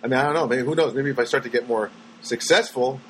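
A man's voice: a bit bright, rough recording. Older man rambling with faint hum. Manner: halting, repeats words, many fillers, jumps into high voices when quoting people. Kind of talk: rambling casual storytelling.

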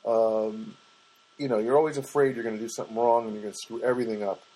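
A man hosting his own podcast, telling a rambling, self-mocking story in a relaxed, casual way. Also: quick pace, low-quality recording. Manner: rambling, self-mocking, mimics others in a high voice. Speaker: podcast host and stand-up comic. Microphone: podcast microphone.

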